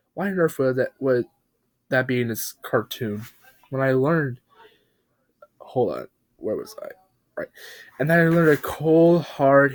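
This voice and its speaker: A man narrating a parody creepypasta in a mock-serious, deadpan tone with dramatic pauses. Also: mid-range voice.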